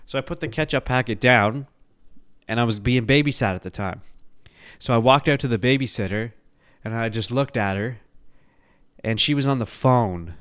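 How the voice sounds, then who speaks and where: A man from the Bronx spins a childhood story on his podcast with loose, profane energy, breaking into laughter. His voice is smooth and resonant at a middling pitch. The sound is close and dry, with no room around it. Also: brisk, dry recording. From the Bronx, New York. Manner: animated, profane, laughing at his own stories. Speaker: podcast host. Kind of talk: casual storytelling.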